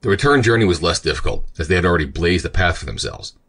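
A man reading a classic adventure story aloud as an audiobook narrator, in a steady, measured storytelling manner. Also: sits low. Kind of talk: scripted narration.

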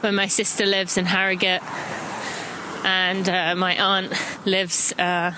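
A woman's voice: mid-range voice, completely flat delivery, takes it slowly, noisy background. Chatty English woman guiding a run. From England. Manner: chatty and encouraging, gives stride countdowns. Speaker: running podcast host. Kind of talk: casual audio running guide. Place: walking outdoors.

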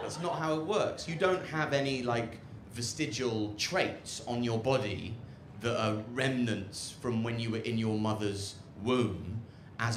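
A man with a posh English accent doing a live stand-up set, sardonic, swerving between mutters and outbursts, on a handheld mic. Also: mid-range voice. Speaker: stand-up comedian. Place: open-air rooftop club stage with live audience. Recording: roomy live venue with loud crowd noise. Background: audience laughter.

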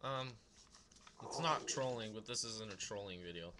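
A man's voice: fairly low pitch, normal speed, bright, forceful tone. A young man casually vlogging at home, reading letters aloud in a mocking, sing-song voice. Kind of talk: casual comedic vlog.

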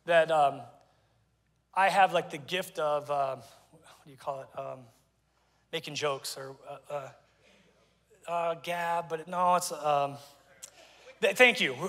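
A middle-aged male pastor with a high, bright voice preaches in an informal, joking way and keeps tossing remarks to his congregation. His voice rings out with a long reverb from a church hall. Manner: conversational, joking asides to the congregation. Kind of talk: sermon. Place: church auditorium.

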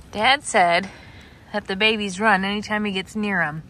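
A woman's voice: medium pitch, steady tone, moderate pace, pushed and bright, slight background noise. A woman vlogging outdoors on a farm, chatting casually and cooing at her goats, with frequent laughter. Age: adult, working a day job. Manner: coos and baby-talks to goats, laughing often. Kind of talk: casual vlog narration.

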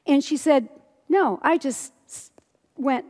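Middle-aged woman preacher, kinda high voice, acts out the story, laughs a lot, big hall echo. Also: slow. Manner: expressive storytelling, acting out quoted lines, laughing often. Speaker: pastor. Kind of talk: sermon. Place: large church hall. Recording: long hall reverb.

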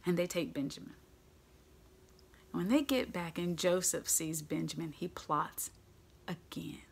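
A woman preaching a sermon, retelling a story with lively, casual delivery and acting out the characters' lines. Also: fairly low pitch, a little slow, vocal fry, long pauses, breathy edge. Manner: animated, acts out characters in casual voices.

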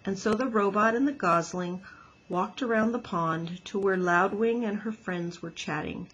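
A woman teacher reading a children's book aloud with gentle, expressive storytelling. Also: mid-range voice, normal speed, dull audio, slight background noise.

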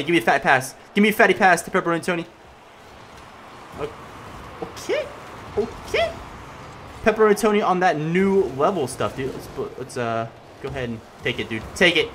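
A young man giving casual gameplay commentary as he plays, excitable and swinging between loud yelling and mumbled asides. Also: fairly high pitch, fast talker, slight background noise. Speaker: gaming commentator.

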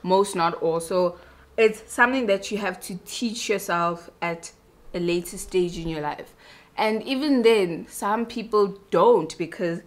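A woman's voice: medium pitch, a little slow. A young woman, a beauty vlogger chatting casually and self-mockingly while doing her makeup.

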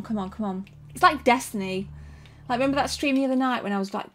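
A young woman giving live commentary on her game, excitable and jumpy, gasping and swearing freely as she plays. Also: medium pitch, a little fast, a little hiss or hum. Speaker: streamer playing a retro shooter.

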